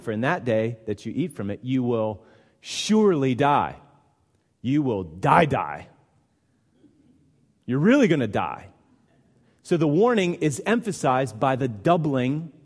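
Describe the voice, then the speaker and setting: Man, pastor, conversational sermon, emphatic repetition, mid-pitched voice, long hall reverb. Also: a little mellow.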